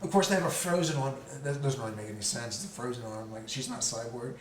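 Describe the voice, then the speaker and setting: A man's voice: medium pitch, fast. A man co-hosting a podcast in casual chat, rambling with stammers, restarts and casual swearing. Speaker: podcast co-host. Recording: roomy, distant mic, faint noise.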